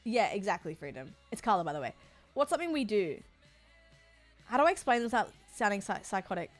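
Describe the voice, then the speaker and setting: A woman chats to her stream in a loose, rambling way, mixing swearing and fillers as she jumps between stories. Her voice sits at an ordinary pitch for a woman. Soft game music plays faintly behind her. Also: very animated, fast. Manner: rambling, frank, swears freely, full of fillers and playful bits. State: sore body. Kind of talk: casual chat while gaming on stream.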